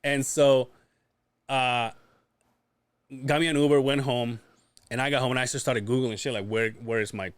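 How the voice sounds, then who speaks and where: A man's voice: medium pitch, fairly even intonation, moderate pace, pauses often, clean tone, dry recording. A man co-hosting a podcast, telling a story casually, swearing often and acting out what people said. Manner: swears often, acts out quoted voices. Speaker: podcast co-host.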